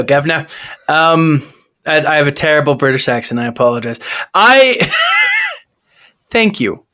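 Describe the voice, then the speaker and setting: A man's voice: fairly high pitch, pushed and bright. A man appearing as a guest on a podcast, talking earnestly and enthusiastically in casual chat. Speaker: podcast guest, video creator.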